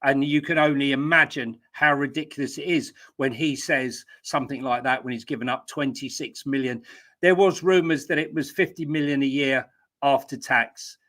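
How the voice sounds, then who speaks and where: A man's voice: mid-range voice, steady tone, moderate pace, a bit bright. A man co-hosting a casual football podcast in a chatty, self-mocking way. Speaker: podcast co-host.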